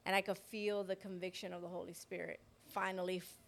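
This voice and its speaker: A woman co-hosting a Christian podcast, telling a personal testimony in a lively way and acting out the voices of the people in her story. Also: lowish voice, a little fast, vocal fry. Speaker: podcast co-host. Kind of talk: personal faith testimony in casual chat.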